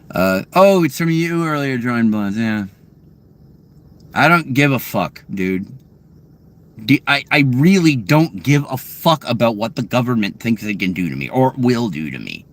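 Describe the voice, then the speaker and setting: A man ranting angrily and profanely from his car while answering live chat questions, swinging between loud outbursts and low muttering.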